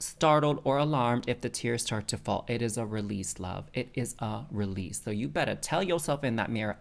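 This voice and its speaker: A man giving a pick-a-card tarot reading as host, sassy and expressive, calling the listener honey. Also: mid-range voice, gravelly. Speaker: tarot reader.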